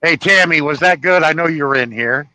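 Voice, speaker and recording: A man's voice: a little high, brisk, pushed and bright, poor audio. A man hosting a live stream in casual chat, telling anecdotes and laughing often. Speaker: host.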